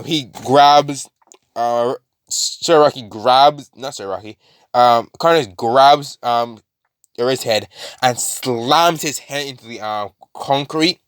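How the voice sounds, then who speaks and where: A man's voice: mid-range voice, a bit bright, no echo, studio quality. A man casually retelling a fan-made story, rambling with many fillers and restarts.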